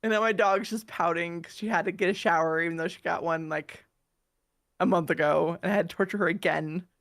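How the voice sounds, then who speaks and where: A woman's voice: lowish voice, steady tone, brisk. A woman in her thirties with a cold, co-hosting a podcast and telling rambling stories in casual chat. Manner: chatty, rambling storyteller who laughs at her own mishaps. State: has a cold. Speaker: podcast co-host.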